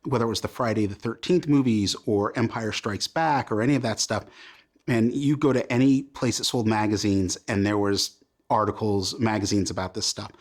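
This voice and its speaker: A man's voice: on the low side, normal speed. A man in his fifties from Portland, Oregon, telling stories about his life in a casual interview and acting out remembered lines of dialogue. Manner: animated, self-deprecating, acts out remembered dialogue. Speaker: comic book creator as guest.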